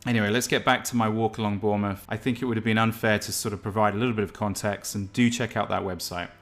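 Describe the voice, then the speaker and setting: A man's voice: on the low side, steady tone, fast talker, fairly bright tone, faint music behind. A man from England talking in a rambling, opinionated monologue while walking along a beach for his vlog. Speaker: vlog host. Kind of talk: casual walk-and-talk vlog. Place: outdoors on a beach.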